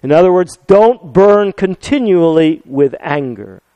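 An older man, a pastor, preaching a sermon with earnest, animated delivery and rhetorical questions. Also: a little high, a little slow, no room sound, low-quality recording.

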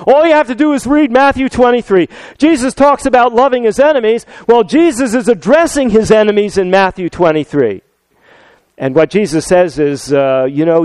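Older male preacher, earnest and animated sermon, smooth resonant tone. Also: high-pitched, normal speed, no echo, rough recording. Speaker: pastor.

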